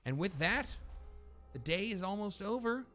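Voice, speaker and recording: A man hosting a let's play video, talking through his card choices out loud with lively, swooping intonation. His voice sits in an ordinary middle register, and faint music plays underneath. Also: sits high, moderate pace. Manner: animated, thinking aloud. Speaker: gaming channel host.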